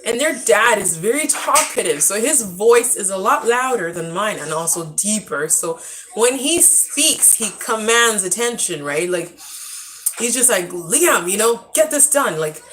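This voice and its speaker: A soft-spoken woman, a mother and vlogger, chatting gently and reflectively in a casual live stream from home. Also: medium pitch, animated, unhurried, low-quality recording. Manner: gentle, reflective, talks to viewers and her child. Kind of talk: casual live vlog chat.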